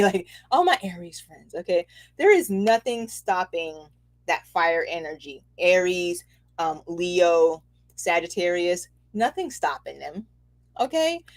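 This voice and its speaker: A woman giving a casual, animated spiritual reading, chatty and quick to laugh, checking in with "okay?" often. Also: on the low side. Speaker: spiritual reader and host.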